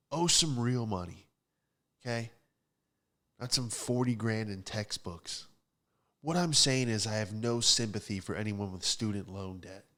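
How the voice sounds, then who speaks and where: A young male comedian hosting his own podcast, talking through a stand-up style monologue. He rants with plenty of sarcasm and lands jokes in a casual, mid-pitched voice. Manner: sarcastic, ranting.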